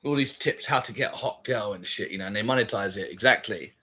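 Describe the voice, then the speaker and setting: A young man in casual chat, blunt and sweary, with an animated delivery. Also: on the low side, fast talker. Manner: blunt and sweary, animated, quoting others in put-on voices.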